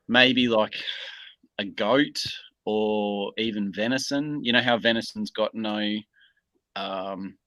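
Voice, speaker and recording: Australian bloke, guest, easygoing with lots of pauses, lowish bright voice, dry sound. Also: male voice, no echo, low-quality recording. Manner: laid-back, unhurried, many pauses and ums. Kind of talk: casual video-call interview.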